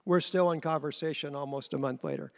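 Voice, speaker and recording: A man's voice: a little high, brisk. A man giving an earnest conference talk about leading a church group, telling his story plainly. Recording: reverberant hall.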